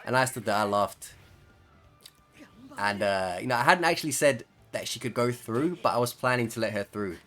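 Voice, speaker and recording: A man's voice: mid-range voice, lively intonation, normal speed, a bit bright, faint music behind. A man telling a casual, chuckling anecdote over gameplay, full of fillers and asides. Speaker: gaming video creator. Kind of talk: storytelling over gameplay commentary.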